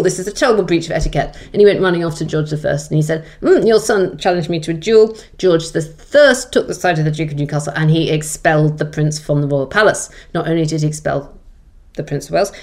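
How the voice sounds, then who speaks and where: Woman, low voice, middle-aged, wry lively storyteller, historian in an interview. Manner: lively, wry storyteller who acts out quoted lines. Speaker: author and historian guest.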